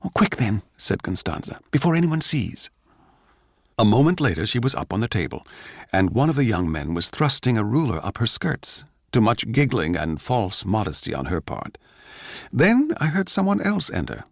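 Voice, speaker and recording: Low-voiced man narrating with theatrical swings. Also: big pitch swings, vocal fry, dry recording, studio quality. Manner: measured, urbane, theatrical. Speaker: actor reading as narrator. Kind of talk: scripted dramatic narration.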